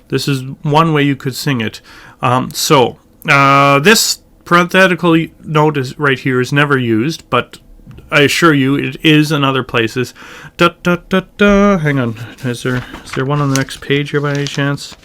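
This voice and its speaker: A man's voice: medium pitch, fairly even intonation, moderate pace, pushed and bright. A man giving a casual chant lesson, explaining how the melody works, thinking aloud with fillers and now and then singing phrases of chant. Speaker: chant teacher.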